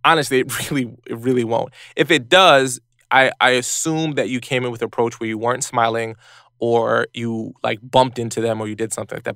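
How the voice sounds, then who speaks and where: Brief: male podcast host, gravelly, dry close sound, lively advice talk. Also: no echo. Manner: animated, acts out quoted people in high voices.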